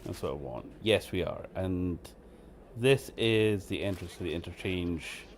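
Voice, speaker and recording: A man's voice: sits low, lively intonation, unhurried, slight background noise. A man giving casual, joking commentary while playing a game, laughing often and poking fun at himself. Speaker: game streamer host.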